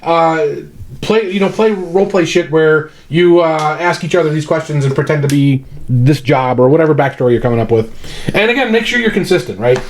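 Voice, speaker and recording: A man's voice: fairly high pitch, a little fast, a little hiss or hum. A man co-hosting a podcast, giving laid-back, profane advice in casual chat. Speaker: podcast co-host. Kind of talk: casual chat, explaining tips.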